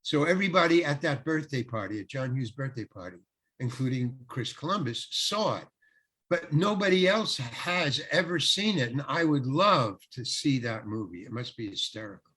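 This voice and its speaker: A man's voice: medium pitch, lively intonation, moderate pace, fairly bright tone, breathy edge. An older man, a guest actor, rambling through showbiz anecdotes in casual talk, often restarting and acting out quoted dialogue.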